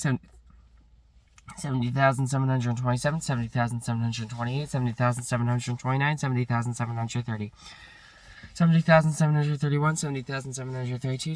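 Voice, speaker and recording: Man counting numbers fast, slightly off-mic. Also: mid-range voice, darkish tone, far from the mic. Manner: rapid rote counting with slips, self-corrections and bursts of swearing frustration. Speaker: streamer counting aloud. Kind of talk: long monotonous counting stream.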